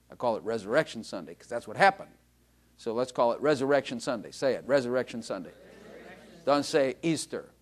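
A man preaching a sermon, telling jokey stories about himself and calling out to the congregation. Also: medium pitch. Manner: animated, joking storytelling with the congregation. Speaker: pastor.

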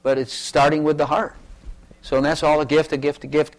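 A man's voice: fairly high pitch, flat delivery, brisk. A man pastor preaching a sermon and calling for testimonies, talking in an emphatic way that repeats its points.

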